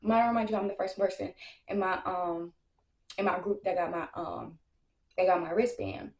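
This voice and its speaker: A young woman telling a casual storytime, brash and animated, full of slang and profanity, acting out what others said. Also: on the low side, normal speed. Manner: acts out other people's lines in quotes. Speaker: storytime vlogger. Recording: echoey room.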